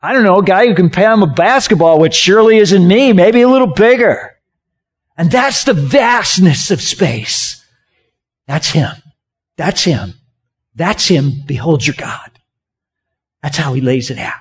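A man's voice: sits high, animated, measured pace, slightly rough. A man preaching a sermon as a pastor, asking the congregation questions and having them act out hand gestures as he talks. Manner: conversational, asks the congregation questions; has listeners act out gestures with their hands.

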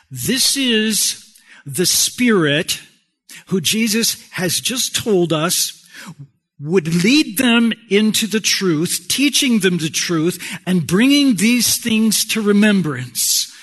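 A man preaching a sermon, swinging from raised exclamations to soft near-whispers. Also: high voice, slightly rough. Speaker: pastor.

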